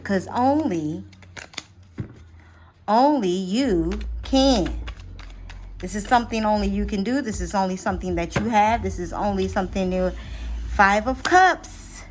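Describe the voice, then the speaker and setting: A woman doing a relaxed tarot reading straight to camera for her viewers. She talks in a chatty, animated way and keeps checking in with them. Her voice rises and falls widely in pitch and loudness. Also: unhurried, pauses often, a little hiss or hum. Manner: chatty, animated, addresses viewers directly with frequent "okay?"; lively swings in pitch and loudness. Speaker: tarot reader.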